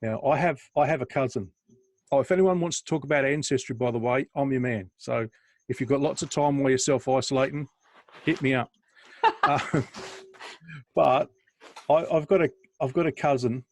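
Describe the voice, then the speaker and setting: A man's voice: mid-range voice, normal speed, pauses often, dry recording. Man, middle-aged, podcast co-host, rambling, chatty, dry close recording. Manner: rambling, chatty, laughs often, restarts. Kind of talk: casual chat.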